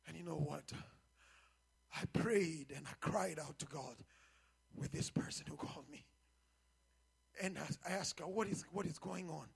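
A man preaching as a pastor, building from quiet teaching into shouted, half-sung exhortation and calls to the congregation. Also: a little high, normal speed, gravelly, long pauses, slightly rough. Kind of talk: sermon.

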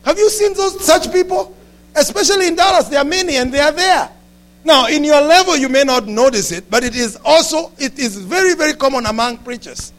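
A pastor delivers a sermon in a strikingly high-pitched male voice. He talks to the congregation in an animated way, climbing to shouts and dropping into quick asides.

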